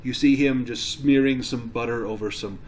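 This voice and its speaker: Male game master, unhurried halting narration, average pitch. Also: steady tone, darkish tone, a little hiss or hum. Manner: hesitant, halting.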